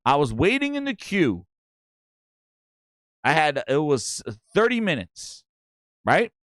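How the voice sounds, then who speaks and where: Man, New York accent, middle-aged, dry close sound, rambling excitable livestream host. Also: on the high side, slow, no echo. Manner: excitable, hypes and thanks viewers, rambling storytelling. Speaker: gaming show host. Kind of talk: casual livestream chat.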